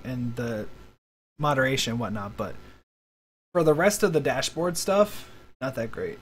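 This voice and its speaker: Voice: mid-range voice, husky. A game streamer chatting casually and playfully during a live stream, with self-deprecating asides. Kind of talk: casual live-stream chat while reading game text aloud.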